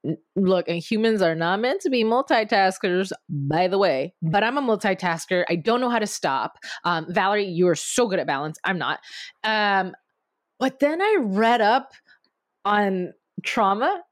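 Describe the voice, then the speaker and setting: A woman's voice: medium pitch, lively intonation, normal speed, no echo, clean studio sound. A woman co-hosting a podcast, talking in a reflective, supportive way about her friend and herself. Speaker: podcast co-host. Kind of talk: casual podcast chat.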